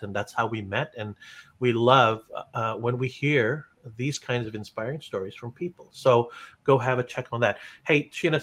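A man hosting an interview podcast, full of praise and stumbling over his words with frequent restarts. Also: medium pitch. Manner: warm praise with many restarts. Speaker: podcast host. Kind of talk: interview chat.

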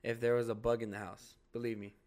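A man's voice: mid-range voice, little pitch movement, quick pace, darkish tone, clean tone. A young man co-hosting a podcast, telling rambling stories in casual chat, full of "like", "dude" and swearing. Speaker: podcast co-host.

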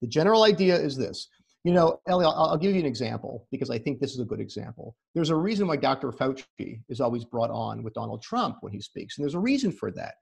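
A man's voice: mid-range voice, very animated, quick pace, creaky, a little mellow, breathy edge. A man speaking as a therapist guest in a casual conversation over a video call. He often repeats words as he starts a sentence and lays his advice out in practical steps. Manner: explains in numbered practical steps.

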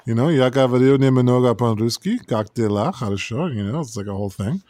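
A man co-hosts a casual podcast in teasing, jokey banter. His voice is recorded dry and close, with no room sound. His pitch sits in an ordinary middle range. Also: a little fast, warm tone, dry recording. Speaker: podcast co-host.

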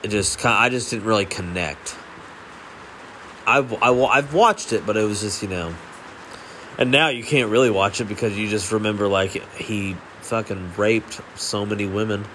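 A man's voice: lowish voice, normal speed, bright, forceful tone, slight background noise. A young adult man giving casual movie reaction commentary, rambling with lots of fillers and swearing. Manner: rambling, profane, full of fillers. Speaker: movie reviewer.

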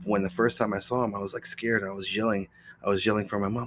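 A man's voice: fairly low pitch, steady tone, quick pace, a bit bright. A man hosting his own podcast, telling a story in a rambling, profane, casual way. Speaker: podcast host.

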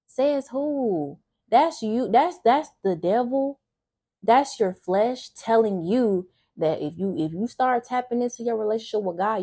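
A woman's voice: a little high, expressive, unhurried, mellow, husky. Earnest young woman sharing faith testimony. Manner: earnest, candid, emotional; casual speech with frequent restarts. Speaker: faith vlogger. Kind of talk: personal testimony talk.

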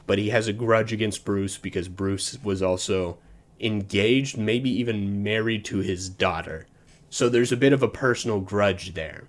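Low-voiced man rambling through a movie review. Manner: rambling, self-correcting, chuckles often. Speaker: podcast host. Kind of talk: casual solo movie review. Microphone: desk mic.

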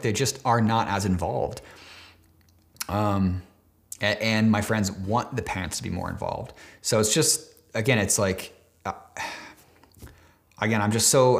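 A man of twenty-nine talking casually and emotionally to camera, rambling with many fillers and restarts, swearing now and then, choked up at times. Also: lowish voice. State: near tears, choked up at times. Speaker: vlogger. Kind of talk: casual heartfelt talk to camera.

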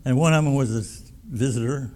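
A man's voice: medium pitch, normal speed, warm tone. A pastor preaching a sermon in a folksy, emphatic way, often repeating his words.

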